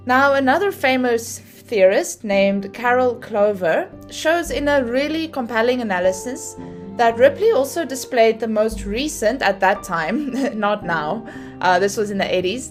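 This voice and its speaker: Chatty woman podcaster, faint music behind. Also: fairly high pitch. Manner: chatty and explanatory, laughs at her own asides, uses fillers. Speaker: podcast host. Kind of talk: casual lecture-style podcast talk.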